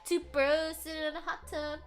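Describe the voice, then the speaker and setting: A woman's voice: high-pitched, level tone, normal speed. A woman streamer chatting casually and animatedly, laughing often and swearing freely. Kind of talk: casual chat.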